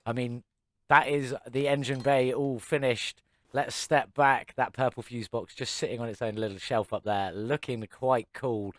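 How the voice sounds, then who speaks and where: A man's voice: mid-range voice, steady tone, normal speed, no echo. A male gaming channel host giving chatty, upbeat gameplay commentary from a desk microphone, with self-mocking asides.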